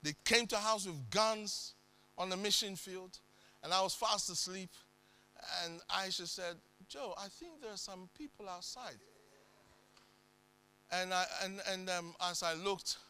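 High bright-voiced male preacher. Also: steady tone, unhurried, smooth. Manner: dramatic preaching with sudden loud bursts. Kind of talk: sermon.

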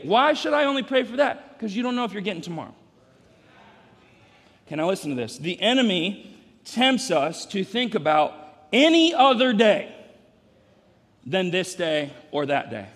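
Middle-aged male pastor, high-pitched, dynamic sermon delivery with dry humor, echoing big church hall. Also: sing-song, moderate pace. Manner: dynamic, swings from hushed to shouting, wry asides. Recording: long reverb of a big sanctuary.

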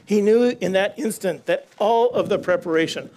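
A man's voice: sits high, normal speed, a little mellow. A middle-aged man preaching a sermon, telling stories in a conversational way and asking the congregation rhetorical questions. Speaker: pastor.

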